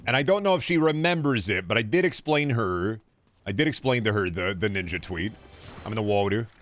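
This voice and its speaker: A man's voice: fairly low pitch, lively intonation, a little fast, fairly bright tone, a little hiss or hum. Joking, crude male game streamer. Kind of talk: casual gameplay commentary.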